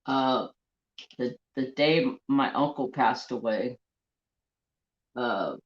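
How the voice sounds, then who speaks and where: A mid-range male voice speaks at a slow pace, the audio dull from a handheld phone. He hosts a casual crafting livestream, rambling through salty stories and greeting viewers as he reads the live chat.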